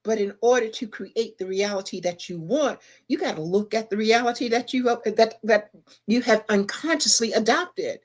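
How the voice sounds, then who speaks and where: A woman's voice: on the high side, moderate pace. A middle-aged woman talks in a casual livestream show as co-host. She speaks emphatically and a little preachily. She keeps asking the listener rhetorical questions. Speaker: podcast co-host.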